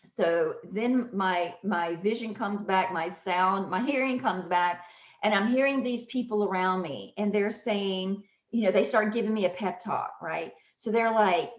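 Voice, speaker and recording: A woman hosting a podcast, telling a personal story with lively laughter and acted-out voices. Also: mid-range voice, measured pace. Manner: animated, laughs often, acts out voices. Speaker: podcast host. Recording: roomy, slightly dull audio.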